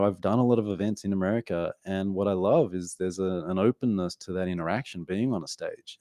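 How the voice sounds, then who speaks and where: A man's voice: deep voice, mellow, no echo, studio quality. An Australian man in his forties, a podcast guest talking candidly and at length in a casual interview. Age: 40s. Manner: talkative, candid, tells stories with asides.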